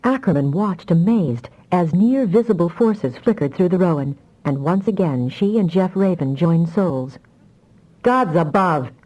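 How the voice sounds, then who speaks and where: A woman narrating a fantasy audiobook with expressive storytelling. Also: lowish voice, normal speed, hardly any pauses, lo-fi sound.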